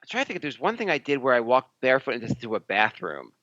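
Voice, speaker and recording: Podcast guy rambling and joking, bright voice, kinda dull lo-fi sound. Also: medium pitch, sing-song, racing, dry recording. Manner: rambling, joking, lots of fillers. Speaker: podcast co-host. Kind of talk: casual chat.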